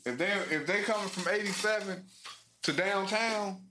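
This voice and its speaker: A man in casual banter with friends, talking loudly and acting out what other people say. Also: high voice, normal speed, echoey room, noisy background. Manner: loud, animated storyteller who mimics others. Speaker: friend in group chat.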